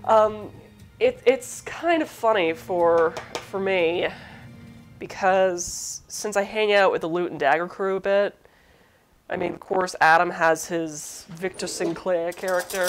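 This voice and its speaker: A woman's voice: on the low side, unhurried, faint music behind. A woman hosting a cooking demo, chatting casually with rambling asides while she cooks, her accent a light Southern lilt mixed with Midwestern. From southern United States. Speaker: cooking show host.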